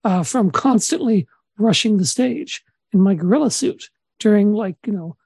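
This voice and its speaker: A man from Saskatchewan co-hosting a comedy podcast, deadpan and halting with many restarts. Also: high-pitched, gravelly, breathy edge, no echo. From Saskatchewan, Canada. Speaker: podcast co-host.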